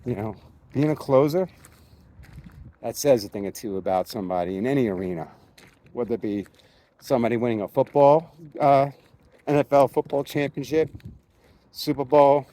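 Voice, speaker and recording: A man's voice: medium pitch, moderate pace, pauses often, dark tone. A man with a strong Long Island accent, telling a rambling story in a casual vlog while climbing a mountain outdoors, slightly out of breath. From New York. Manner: chatty, rambling, self-correcting storyteller. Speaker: poker vlogger.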